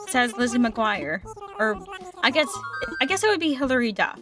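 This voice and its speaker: A woman streaming a cozy game who chats loosely with her viewers and reads their messages aloud. Her voice sits a little high, and she circles back over her own words. Soft music plays faintly behind her. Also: sing-song, moderate pace. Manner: chatty, reads chat aloud, repeats herself. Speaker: gaming streamer. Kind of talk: casual livestream chat.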